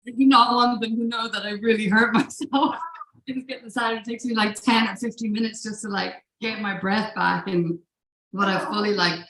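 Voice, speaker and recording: A woman's voice: a little high, steady tone, moderate pace, fairly bright tone. A woman telling a personal story at a live event, in a casual, profane manner with frequent laughs. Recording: roomy live room echo.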